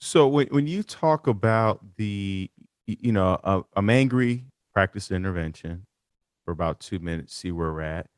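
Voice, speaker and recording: A man's voice: deep voice, animated, moderate pace, no echo, studio quality. A man hosting a podcast interview, asking long questions with many repeated words and restarts. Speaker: podcast host.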